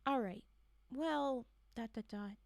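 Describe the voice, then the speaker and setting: A woman's voice: on the high side, takes it slowly, vocal fry, darkish tone, no echo. A woman reading the lines of a patronizing, dismissive male doctor.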